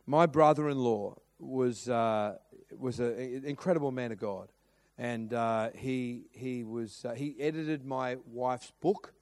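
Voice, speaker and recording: A man's voice: mid-range voice, slow, a little mellow. A middle-aged man preaching a sermon, telling a story with lots of restarts and acted-out quotes. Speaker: pastor.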